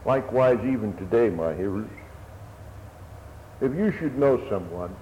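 A man's voice: lowish voice, expressive, measured pace, dark tone. A man preaching a sermon in an earnest, old-fashioned manner, his voice swelling and dropping. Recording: echoey hall, dull lo-fi sound, faint hiss.

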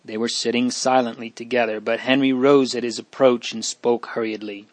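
A man's voice: mid-range voice, little pitch movement, normal speed, few pauses, no room sound. Man reading a storybook aloud. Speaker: narrator. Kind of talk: audiobook reading.

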